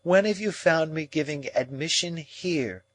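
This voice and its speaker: A man voicing a proud young woman who speaks in a calm, measured, reproachful way in an audiobook. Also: a little high, voice pushed up. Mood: cool.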